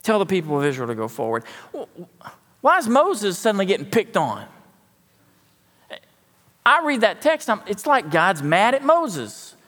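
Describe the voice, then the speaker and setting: A man's voice: high voice, wildly swooping pitch, moderate pace, pauses often, fairly bright tone, long reverb tail. A man preaching a sermon in a folksy, conversational way with joking asides. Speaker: pastor. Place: church sanctuary.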